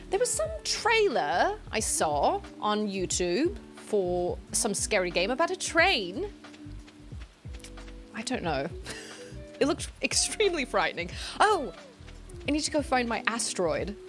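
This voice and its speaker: A woman streamer talks her way through a game in a chatty, giggly way, her voice rising and falling in a lively sing-song. She wanders between comments as she plays. Faint game music runs quietly underneath. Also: mid-range voice, unhurried, long pauses. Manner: chatty, giggly, thinks out loud. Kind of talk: casual gameplay streaming chat.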